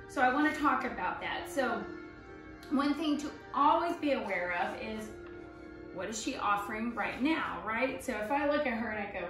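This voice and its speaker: A woman dog trainer explaining a training session step by step in a chatty way, breaking into excited baby talk with the dog. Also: a little high. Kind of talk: instructional demonstration. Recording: very echoey room, voice from a distance.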